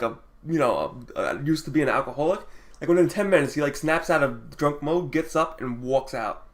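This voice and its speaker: A man telling a story on his vlog in a casual, rambling way, laughing often and swearing freely. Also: fairly high pitch. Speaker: vlogger.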